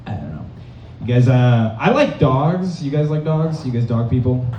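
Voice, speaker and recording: A young man from Massachusetts doing a rambling stand-up set in a comedy club, deadpan and full of fillers. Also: mid-range voice, moderate pace, slight background noise. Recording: dull, roomy, distant club recording.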